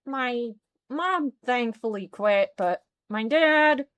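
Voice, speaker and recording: A woman's voice: fairly high pitch, lively intonation, slow pace, a bit bright, smooth. A woman streaming a game, chatting casually and exclaiming as she plays. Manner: chatty, exclaims and reacts aloud. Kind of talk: casual let's-play chat.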